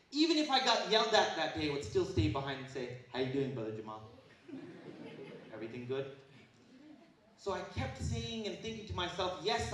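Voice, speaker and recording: A man addresses students with a lively, joking delivery and a slightly high voice. He is heard from a distance in a very echoey hall, his voice bouncing around the room. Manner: lively, jokey, swings from loud to hushed. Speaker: guest speaker at a school. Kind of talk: animated motivational talk to students.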